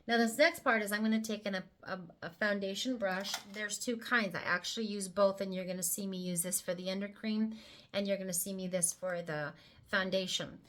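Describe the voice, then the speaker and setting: A woman's voice: medium pitch, steady tone, brisk, a bit bright. A woman presenting a casual makeup tutorial, talking the viewer through each step with chatty, playful asides. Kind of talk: casual how-to demonstration.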